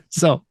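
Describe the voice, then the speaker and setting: A man's voice: dark tone, no echo. Chatty man recapping, dry mic. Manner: rambling, laughs often, acts out characters' lines. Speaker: podcast host. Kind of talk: casual recap chat.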